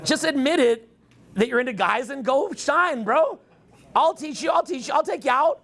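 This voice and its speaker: A man in his forties holding forth at a live event, his voice pitched high with a gravelly edge. He talks in wild swoops, crude and joking, sliding into mock voices and bursting into shouts. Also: lively intonation, normal speed. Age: 40s. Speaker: dating coach speaking to a live audience. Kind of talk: rambling stage talk. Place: event hall with an audience.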